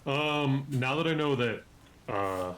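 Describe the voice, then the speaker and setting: Excitable male tabletop player. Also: medium pitch, takes it slowly, slight background noise. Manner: excitable, animated. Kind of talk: casual tabletop game talk.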